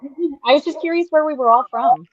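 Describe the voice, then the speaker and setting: A woman from Montana chatting casually as a guest over a video call, relaxed and trailing off. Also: high voice, fast, no echo. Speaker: guest artist. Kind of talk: casual chat. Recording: dull muffled sound.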